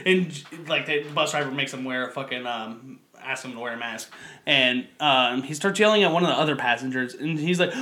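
A man's voice: medium pitch, brisk. A young man hosting a casual podcast, telling stories with lots of laughing and swearing. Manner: laughs often, swears freely, animated storytelling. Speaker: podcast host.

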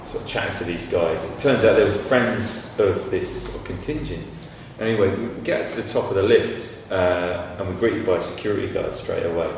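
A man's voice: deep voice, moderate pace, hardly any pauses. A man talking as a podcast guest in casual conversation, telling anecdotes and swearing freely. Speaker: podcast guest, graphic designer. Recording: echoey room, distant mic, faint noise.

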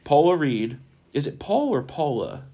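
A young man co-hosts a political talk podcast. He sounds emphatic and indignant, with a voice a bit higher than most men's. He talks in a loose, chatty way. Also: sing-song, a little slow, mellow. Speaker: podcast co-host.

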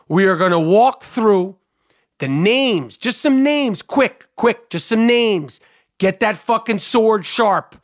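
A man hosting a solo comedic podcast, ranting in a profane, animated, mock-outraged way. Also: high voice, no echo, studio quality. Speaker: podcast host.

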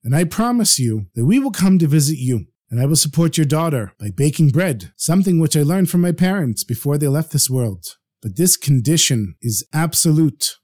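A man storyteller voicing a humble, pious young male scholar who speaks gently and earnestly. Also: on the high side, big pitch swings, moderate pace, few pauses.

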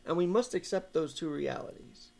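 A man's voice: on the high side, expressive, moderate pace, vocal fry, a little mellow. A man co-hosting a talk show, making earnest, opinionated points in casual political chat. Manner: earnest, opinionated, building an argument.

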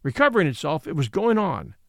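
Lively, expressive male storybook narrator. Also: on the high side, brisk, vocal fry, no room sound, studio quality. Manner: expressive reading with distinct character voices. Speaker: audiobook narrator.

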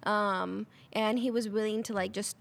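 A young woman, a college student, chatting casually with quick interjections and laughter. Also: medium pitch, steady tone, vocal fry. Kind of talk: casual chat.

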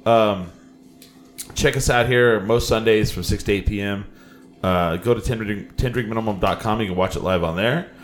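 Loose-talking lower-voiced male host. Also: moderate pace. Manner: loose, apologetic, rambling with restarts. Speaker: show host. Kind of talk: casual chat. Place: small studio.

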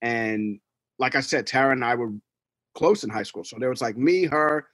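A man's voice: medium pitch, normal speed, no echo. A man from New York, a guest telling stories in casual chat, acting out quotes and sound effects. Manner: animated storyteller who acts out quotes and sound effects.

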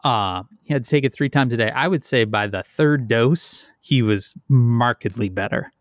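A man's voice: medium pitch, moderate pace, no echo, clean studio sound. A middle-aged man co-hosting a podcast, telling a rambling, self-deprecating story in casual chat, a little out of breath. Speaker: podcast co-host.

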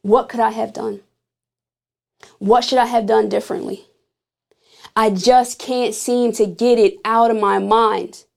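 Earnest woman host, slow and intimate. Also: a little high, steady tone, creaky, a little mellow. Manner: earnest, slow and emphatic, speaking directly to listeners. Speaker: podcast host. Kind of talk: intimate spoken sermon on grief.

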